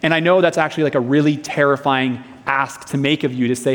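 A man's voice: medium pitch, fairly even intonation, brisk, hardly any pauses. Earnest young male preacher in a hall. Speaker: pastor. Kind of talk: sermon. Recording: long reverb of a hall.

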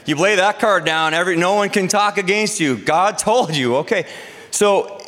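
A man's voice: high-pitched, moderate pace, a bit bright, long reverb tail. A man preaching a sermon as pastor, talking in a conversational, joking way with asides and restarts.

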